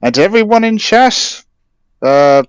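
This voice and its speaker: A man joins a friend's stream as a guest and offers a sincere, casual goodbye before teasing someone. His voice is mid-pitched and clear, with a smooth tone. The sound is dry and close. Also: sing-song, unhurried, no echo. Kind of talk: casual farewell chat.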